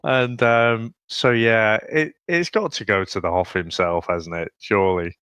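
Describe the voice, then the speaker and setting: A man's voice: fairly low pitch, steady tone, a little slow, a bit bright, clean tone, dry recording. A British man co-hosting a podcast, amused and laughing as he recounts scenes. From Britain. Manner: amused, storytelling, laughs often. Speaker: podcast co-host. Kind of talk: casual chat.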